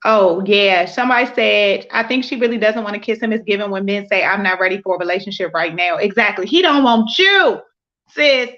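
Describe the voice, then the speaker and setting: A woman co-hosting a live reality show review, chatting in a sassy, expressive way with quick asides. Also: mid-range voice. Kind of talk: casual live-stream chat. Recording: slightly dull, lo-fi sound.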